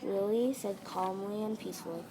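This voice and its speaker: A woman's voice: mid-range voice, moderate pace. A woman reading a children's story aloud with plain, careful narration over a noisy home recording.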